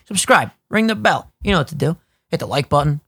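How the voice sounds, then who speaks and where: A young man co-hosting a podcast in casual chat, animated and swearing freely, often slipping into voices. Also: on the high side, brisk, slightly rough, dry recording, studio quality. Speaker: podcast co-host.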